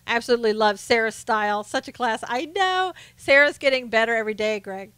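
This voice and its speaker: A woman's voice: fairly high pitch, fairly quick, fairly bright tone, smooth, no echo. A woman from the South, hosting a casual live stream, chatting to viewers and often laughing. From American South. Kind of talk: casual political chat reading viewer comments.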